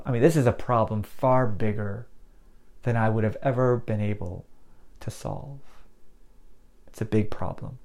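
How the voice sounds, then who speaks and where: A man's voice: medium pitch, measured pace, long pauses, a little mellow. A male pastor preaching a sermon in a conversational, dramatic storytelling way, often restarting his phrases.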